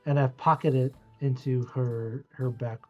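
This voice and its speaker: A game master narrating a tabletop game, halting often with fillers. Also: medium pitch, steady tone, lo-fi sound, faint music behind. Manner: halting, many uhs.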